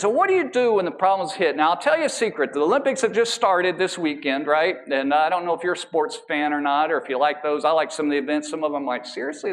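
Animated, high-voiced man preaching a sermon. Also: vocal fry. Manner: animated, emphatic preaching with drawn-out, slow emphasis; casual asides and self-deprecating humor. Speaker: pastor.

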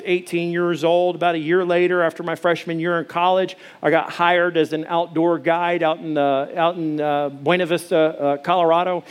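A man in his forties from Arkansas, preaching a sermon in a folksy, conversational storytelling way. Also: fairly high pitch. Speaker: pastor.

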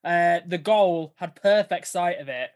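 A man's voice: sits high, unhurried. A man chatting on a football podcast, telling a story with slang and laughter. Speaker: podcast co-host. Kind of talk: casual podcast chat.

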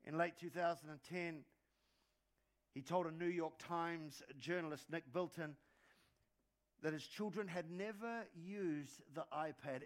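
A pastor preaching a sermon in a conversational way, with quick asides and jokes and words repeated for emphasis. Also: male voice, high-pitched, fairly bright tone.

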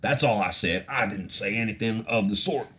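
A man's voice: on the low side, normal speed, bright, forceful tone. A man putting on a blustering, threatening male conspiracy broadcaster with a bombastic, theatrical, menacing delivery. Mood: defensive.

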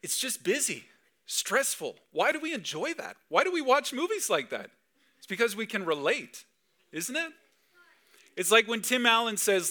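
Bright-voiced man preaching a Christmas sermon. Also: sits high, sing-song, normal speed. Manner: conversational, asks the crowd lots of rhetorical questions. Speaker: pastor. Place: church service.

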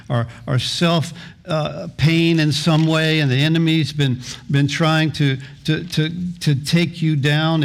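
Middle-aged male pastor, earnest sermon delivery, voice pitched a little high, stumbles and repeats words. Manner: earnest, repeats words and restarts phrases, sometimes half-sings hymn lines.

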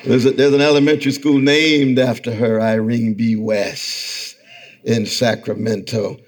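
A man's voice: medium pitch, little pitch movement, measured pace. Man lecturing with a rousing preacher cadence. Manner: rhythmic preacher cadence, swells to near-shouting and calls out to the crowd. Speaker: guest lecturer. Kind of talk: sermon-like public lecture. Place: event hall before a live audience.

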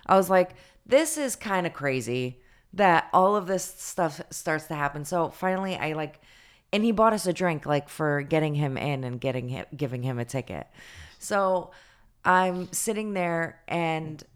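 Low-voiced woman telling a chatty story. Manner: chatty, animated retelling with lots of fillers. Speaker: podcast co-host. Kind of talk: casual storytelling chat.

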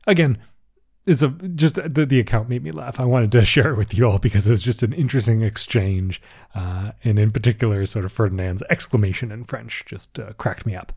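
A man's voice: fairly low pitch, a little fast, vocal fry, darkish tone, husky. A man hosting a history podcast, narrating in a casual way with chuckling asides. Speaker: podcast host.

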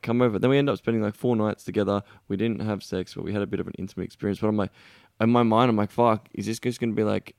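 Rapid gravelly man, podcast host, dry close sound, loose and profane. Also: on the low side, darkish tone, dry recording. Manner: fast, swearing, storytelling. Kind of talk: casual chat.

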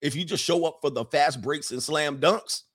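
A man's voice, on the high side with a breathy edge and moderate pace, runs a streaming podcast where he casually fields viewer questions. He laughs a lot, stays animated, and repeats points for emphasis.

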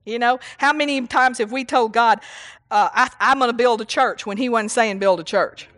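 A woman's voice: on the high side, moderate pace, fairly bright tone. A woman preaching a rambling, folksy sermon at a church service, often laughing and saying hallelujah.

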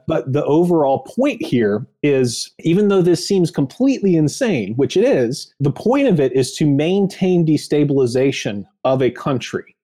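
A man's voice: mid-range voice, mellow. A man co-hosting a casual podcast discussion, emphatic and swearing freely. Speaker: podcast co-host.

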